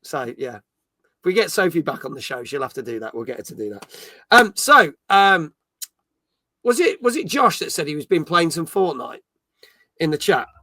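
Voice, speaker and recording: A man's voice: a little high, sing-song, normal speed, pauses often, sharp tone, no room sound. A middle-aged man hosting a casual gaming stream, chatting and reading out viewer comments. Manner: chatty, reads chat comments aloud, jokey. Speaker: podcast host. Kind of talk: casual live-stream chat.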